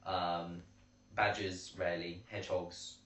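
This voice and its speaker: A man's voice: deep voice, flat delivery, slow, a bit bright, distant mic, a little hiss or hum. Man, roomy and off-mic. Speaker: podcast co-host. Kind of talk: casual chat. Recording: roomy sound, set back from the mic.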